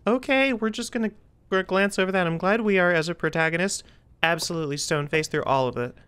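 A woman streamer talking through a horror game, chatty and jumpy, with nervous outbursts and a slightly rough throat. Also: lowish voice, fast, fairly bright tone. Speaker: gaming streamer.

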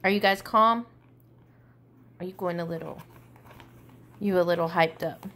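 A woman teacher reading a picture book aloud to young children, animated and asking them many questions. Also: on the low side, unhurried.

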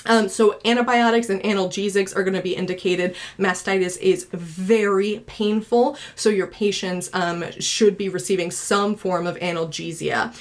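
A woman's voice: mid-range voice, steady tone, normal speed, hardly any pauses. A woman in her thirties giving a recorded nursing lecture, talking conversationally to students with asides and stories from her own life. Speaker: nursing instructor.

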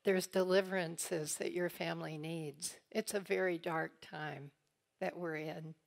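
Unhurried, with vocal fry and a steady tone, her voice runs on the low side. She's a guest teacher from eastern Kentucky, storytelling about family to a congregation and acting out quoted voices with laughs.

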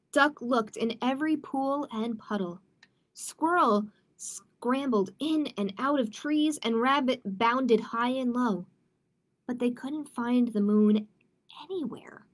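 A children's librarian reading a picture book aloud to children in a gentle, expressive way. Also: female voice, on the high side, slow. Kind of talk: children's storytime read-aloud.

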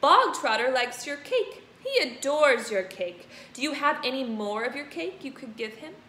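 A woman voicing a cruel, tyrannical headmistress who booms and hurls insults. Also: very animated, normal speed, heavily acted. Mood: booming. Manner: booming, shouting insults. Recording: roomy echo, faint noise.

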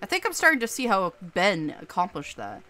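A woman's voice: medium pitch, wildly swooping pitch, a little fast, pushed and bright. A woman streamer giving chatty, self-mocking commentary while playing through a story game. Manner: chatty, self-mocking, laughing at her own slips. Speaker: gaming streamer. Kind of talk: let's play commentary.

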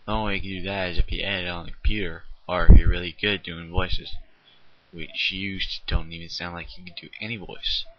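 A man making a homemade comedy skit, grumbling and complaining with stumbling repeats, his voice kept quiet for recording at night. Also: low voice, huge pitch swings, brisk, highs cut off, slight background noise. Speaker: home video maker.

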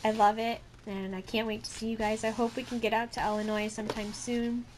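A woman vlogging an excited unboxing, gushing with repeated delighted exclamations. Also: fairly high pitch, a little fast, background noise. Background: crinkling packaging.

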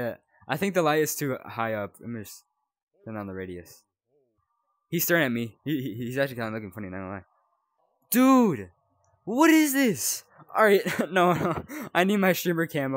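A young man talks his way through a spooky game, his pitch leaping all over between nervous mutters and startled yelps. His voice sits a bit high for a man. The sound is dry and close. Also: no room sound. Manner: jumpy, yelps and rambles while scared. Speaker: gaming YouTuber. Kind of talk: horror game playthrough commentary.

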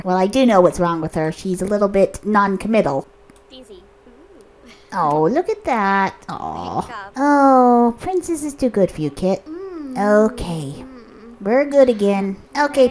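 A woman giving casual commentary over a life-sim game, chatting to her characters and reacting with quick exclamations. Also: mid-range voice. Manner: chatty, talks to her sims, lively reactions. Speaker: let's play host.

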